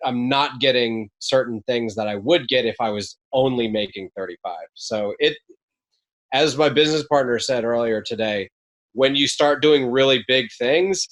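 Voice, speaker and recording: A man's voice: mid-range voice, moderate pace, fairly bright tone. Candid young man telling his story. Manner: candid, storytelling, frequent restarts. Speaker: podcast guest, mobile home park investor. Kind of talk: casual interview chat.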